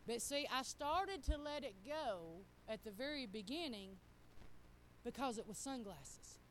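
Middle-aged woman preacher, high bright voice, folksy storytelling sermon. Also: a little slow, a little hiss or hum. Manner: animated, folksy, acts out quotes.

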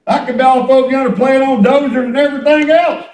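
A man's voice: very high-pitched, fairly even intonation, quick pace, darkish tone. A middle-aged man preaching a folksy, emphatic sermon and repeating himself for effect. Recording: echoey room, from a distance.

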